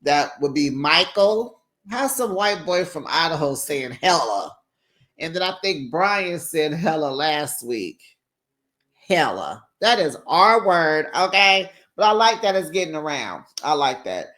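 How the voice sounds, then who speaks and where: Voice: very animated, a little slow, fairly bright tone. Sassy, chatty Bay recap host. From San Francisco Bay Area. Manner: chatty and sassy, with big pitch jumps. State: tired. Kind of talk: casual recap commentary.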